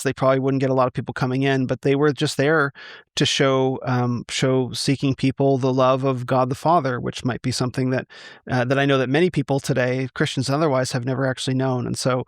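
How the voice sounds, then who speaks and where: Halting man telling his testimony, dry sound. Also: medium pitch, no echo. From United States. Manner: halting, many restarts and fillers. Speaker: interview guest. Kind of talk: conversational testimony.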